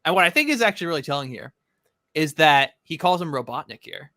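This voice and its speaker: Bright-voiced laid-back man. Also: a little high, big pitch swings, fast talker, no room sound, studio quality. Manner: laid-back storyteller, swears casually. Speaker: podcast co-host. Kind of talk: casual comic discussion.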